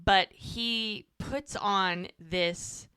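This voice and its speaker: A woman's voice: medium pitch, very slow, smooth, dry recording, clean studio sound. An American woman co-hosting a podcast, chatting casually and rambling through an episode recap, quoting characters along the way. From United States. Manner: chatty, rambling, quotes characters in lively voices. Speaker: podcast co-host.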